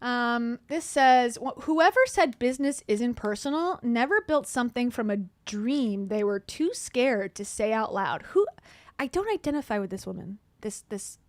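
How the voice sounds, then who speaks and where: Sarcastic midwest millennial woman, pretty high pitched, dry mic, reads stuff out and mocks it. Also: no echo. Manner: snarky, deadpan asides with sudden laughs. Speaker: commentary streamer. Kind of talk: sarcastic commentary reading posts aloud.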